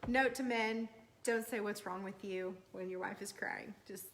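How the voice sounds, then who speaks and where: A woman in an earnest, storytelling manner, sharing personal experiences from her marriage. She co-leads the talk with her husband and speaks with a middle-pitched voice. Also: steady tone, measured pace, vocal fry. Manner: earnest, storytelling, laughs often. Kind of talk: sermon-style couple talk.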